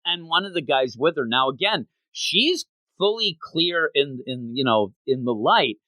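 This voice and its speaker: A man co-hosting a podcast, chatting casually and acting out quoted lines in quick voices. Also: on the high side, sing-song, bright, forceful tone, no echo. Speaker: podcast co-host. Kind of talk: casual chat recapping a manga chapter.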